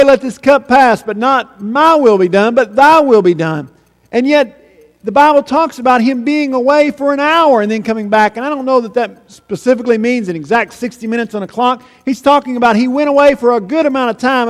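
A man preaching a sermon, swinging between hushed, drawn-out phrases and raised, pleading passages. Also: very high-pitched. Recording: long hall reverb.

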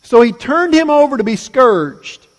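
Man, pastor preaching, fairly high voice, long hall reverb. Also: expressive, unhurried. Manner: preaching with big swings between loud emphasis and quiet, low asides. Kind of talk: sermon.

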